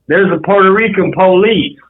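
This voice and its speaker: A man's voice: sits high, moderate pace. Man on a tinny phone-like line. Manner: inquisitive, brings up news details. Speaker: podcast co-host. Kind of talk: casual chat.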